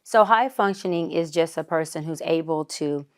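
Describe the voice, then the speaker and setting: Psychologist guest, woman in her thirties, lowish voice, direct and confident. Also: moderate pace. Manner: assertive, acts out example dialogue. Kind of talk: casual interview explaining.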